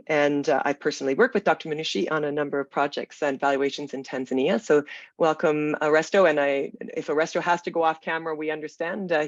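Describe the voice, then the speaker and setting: Panel moderator on a video call, gravelly and a bit rough from smoke, halting delivery; muffled, close, dry sound. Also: mid-range voice, dry recording. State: throat irritated by smoky air. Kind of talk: online webinar moderation.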